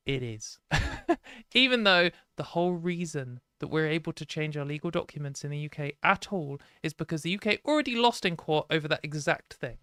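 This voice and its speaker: A British woman hosting a live stream, talking casually and frankly with lots of "like" and quick laughs. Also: deep voice, a bit bright, clear, resonant tone, no echo, studio quality. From Britain.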